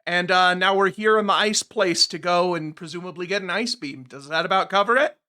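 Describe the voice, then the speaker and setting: A bright, fairly high-voiced man talking to his audience during a gameplay livestream. He rambles casually and slides into sarcastic, exasperated grumbling, with his pitch climbing when something annoys him. It sounds like a desk mic at a home streaming setup. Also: a little fast. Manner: chatty, sarcastic, exasperated complaining about the game.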